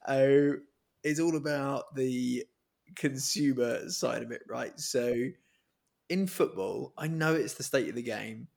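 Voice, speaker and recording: A man's voice: mid-range voice, slow, vocal fry, darkish tone. A man co-hosting a casual podcast chat over a remote call, often laughing and restarting. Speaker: podcast co-host. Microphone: remote call mic.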